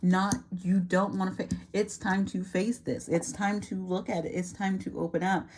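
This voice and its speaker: A woman's voice: medium pitch, little pitch movement, moderate pace, darkish tone. A woman giving an earnest, reassuring tarot reading to camera, repeating phrases and trailing off mid-sentence. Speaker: tarot reader.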